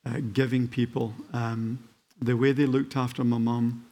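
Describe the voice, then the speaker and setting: An older man from Scotland, with a faint Scottish accent, preaches a sermon as a guest in a church. His mid-range voice is mellow with a flat delivery, halting with fillers before rising to fervent emphasis.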